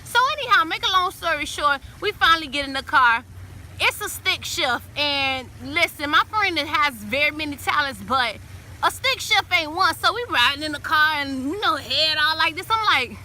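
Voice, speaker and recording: A woman telling a story in a casual, animated way, acting out the lines of the people in it. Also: high voice, moderate pace, a little hiss or hum. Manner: animated, acts out friends' quoted lines.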